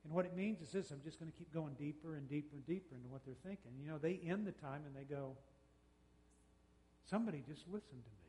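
A man giving a talk on parenting, folksy and conversational, acting out quick exchanges with kids. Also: on the high side, mellow, in a large hall. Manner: folksy, uses quoted dialogue and quick mock exchanges. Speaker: speaker on parenting, radio host and counselor.

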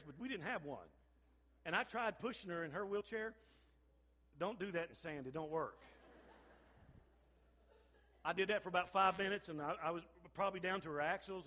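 An older man, a pastor, preaching a sermon with animated storytelling and repeated phrases. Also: a little high. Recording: long hall reverb.

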